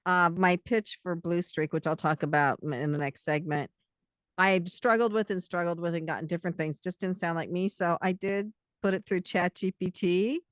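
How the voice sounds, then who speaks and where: A woman's voice: lowish voice, normal speed, no room sound. A woman co-hosting a studio talk show, friendly and confiding. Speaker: co-host. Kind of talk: casual interview chat.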